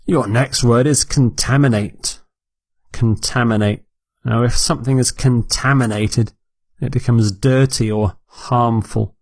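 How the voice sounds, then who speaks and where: Guy teaching english words real slow, says each one twice, dry close sound. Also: medium pitch, fairly even intonation, dry recording. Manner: repeats each word clearly for learners. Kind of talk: slow, deliberate vocabulary lesson.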